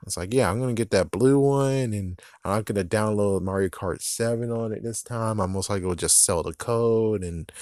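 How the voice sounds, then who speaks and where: A man's voice: on the low side, normal speed, few pauses, darkish tone, no room sound, clean studio sound. A man giving a ranting commentary on games, exasperated and profane, repeating himself as he vents. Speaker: gaming vlogger.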